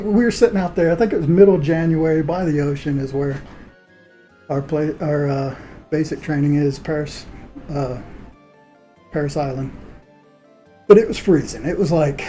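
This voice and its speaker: A man's voice: on the high side, dark tone. A man streaming live, chatting casually and rambling through stories with frequent laughs. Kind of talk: casual chat while working on art.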